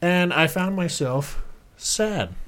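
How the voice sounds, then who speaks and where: A man's voice: high-pitched, lively intonation, slow pace, a bit bright. Young male podcast co-host, crude teasing banter, rambling storyteller.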